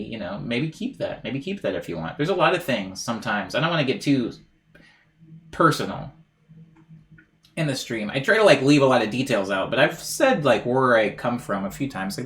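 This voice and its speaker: A man's voice: fairly low pitch, a bit bright. A man chatting casually on a live music stream, rambling and self-deprecating as he reads out chat messages.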